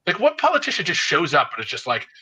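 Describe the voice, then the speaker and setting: Fast-talking man with a very bright voice. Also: fairly high pitch, wildly swooping pitch, breathy edge, poor audio. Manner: rambling storyteller with many fillers. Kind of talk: casual political banter.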